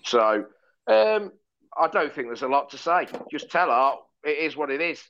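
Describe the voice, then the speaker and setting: A man chatting on a podcast as a pundit, cracking deadpan jokes and working himself into mock rants. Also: a little high, normal speed, dull audio. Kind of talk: casual chat.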